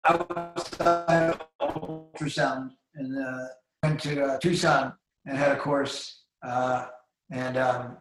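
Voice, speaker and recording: A middle-aged man, a physician, giving a reflective talk to his fellows with pauses and fillers. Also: mid-range voice, fairly even intonation, over loud music. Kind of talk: speech to an audience. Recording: echoey hall.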